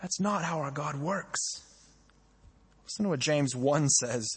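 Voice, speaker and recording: A young male pastor preaches in an easy, conversational way and keeps turning questions back to his congregation. His voice sits high and has a breathy, husky edge. Each word trails off into the long reverb of a church hall. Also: animated, a little slow, pauses often, a bit bright. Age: young adult. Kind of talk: sermon.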